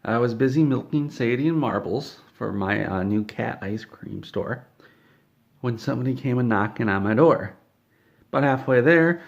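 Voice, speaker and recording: A man's voice: medium pitch, moderate pace, creaky, highs cut off. A man telling an absurd comedy story in a rambling, mock-serious way.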